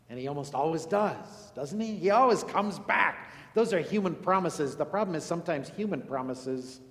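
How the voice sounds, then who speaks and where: A male pastor preaching a sermon earnestly, moving between emphatic lines and hushed, solemn ones. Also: fairly high pitch. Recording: echoey hall with long reverb.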